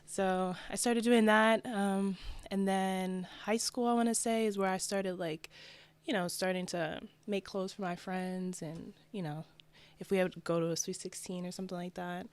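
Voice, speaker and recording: A young woman from New Jersey, a fashion designer guest, chatting in a relaxed, laid-back way. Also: mid-range voice, moderate pace, clear, resonant tone. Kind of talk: casual interview.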